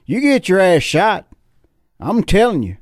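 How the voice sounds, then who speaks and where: A man with a Southern US accent voicing an outraged, threatening country man, ranting in a raised, high voice. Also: very animated, measured pace, dry recording, clean studio sound.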